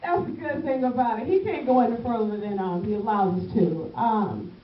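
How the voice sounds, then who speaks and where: A woman's voice: fairly high pitch, normal speed. A woman evangelist preaching a passionate call-and-response sermon, pressing the congregation with "amen?" and calling them "baby". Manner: passionate, emphatic, keeps asking the congregation "amen?"; calls listeners "baby". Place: church hall with a congregation. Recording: echoey, distant, dull church recording with faint hiss.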